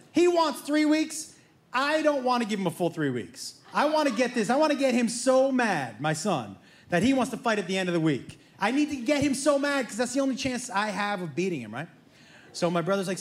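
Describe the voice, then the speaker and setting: A middle-aged man doing stand-up storytelling, animated and acting out his family members' voices. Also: sits high, brisk. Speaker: stand-up comedian. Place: comedy stage before a live audience.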